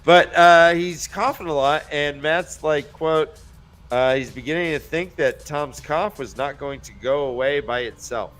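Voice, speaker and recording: A man's voice: a little high, measured pace, fairly bright tone, soft background music. A man hosting a casual book discussion podcast, loosely recapping chapters with asides and some swearing. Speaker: podcast host.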